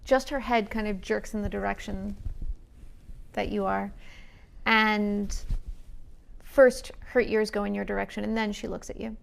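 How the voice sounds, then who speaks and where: A woman calmly narrating her character's actions as a tabletop game player. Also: medium pitch, measured pace, vocal fry, pauses often.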